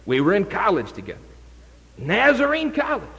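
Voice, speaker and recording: A man preaching an urgent evangelistic sermon, dramatic and moving from hushed to loud. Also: sits high, huge pitch swings, moderate pace, creaky, long reverb tail, low-quality recording.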